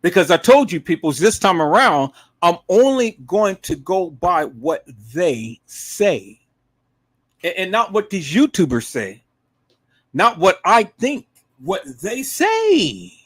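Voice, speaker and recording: High, animated man ranting on a live stream. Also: slow. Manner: emphatic, repeatedly addresses viewers as "peoples"; swings from low murmurs to loud shouted outbursts.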